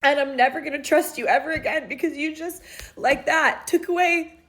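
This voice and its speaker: High-voiced woman, frank and bitter. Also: normal speed, a bit bright. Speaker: content creator. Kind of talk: personal vlog.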